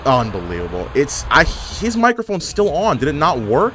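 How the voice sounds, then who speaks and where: Animated young man commentating a game. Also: a little high, moderate pace, hardly any pauses, background noise. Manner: animated, sarcastic trash talk. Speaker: gaming YouTuber. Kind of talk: live gameplay commentary.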